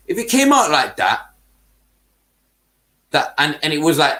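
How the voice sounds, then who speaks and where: A man's voice: fairly high pitch, very animated, moderate pace, long pauses, pushed and bright. Heated man ranting with slang. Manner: heated, swearing, heavy street slang. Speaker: football podcast host. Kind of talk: casual ranting podcast chat.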